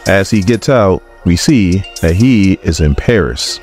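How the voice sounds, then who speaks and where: A man's voice: low voice, lively intonation, unhurried, darkish tone, soft background music. A man hosting a casual comic book recap, narrating in a sarcastic, mocking way.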